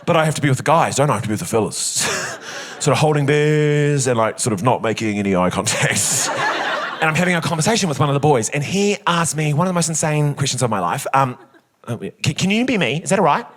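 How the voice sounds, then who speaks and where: A man performing stand-up comedy on a theatre stage, telling self-mocking stories in a camp, animated way. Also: medium pitch, quick pace, a crowd in the background. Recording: loud audience laughter in a theatre.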